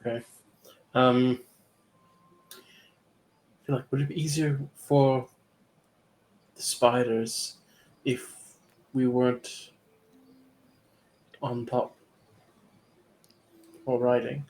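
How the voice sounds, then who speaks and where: Slow, hesitant player. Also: male voice, mid-range voice, little pitch movement, a little mellow. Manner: hesitant, asks questions. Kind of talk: casual tabletop play.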